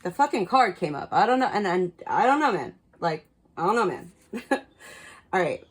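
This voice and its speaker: This tarot card reader's husky, medium-pitched voice is very animated, moving at a normal speed through a low-quality recording. She offers viewers straight-talking spiritual guidance to camera, swearing liberally and repeating words to stress them.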